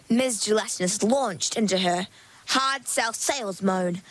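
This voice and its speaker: A woman reading a children's story aloud, narrating at an unhurried pace and lightly voicing each character. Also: medium pitch, a bit bright, low-quality recording. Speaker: storybook reader.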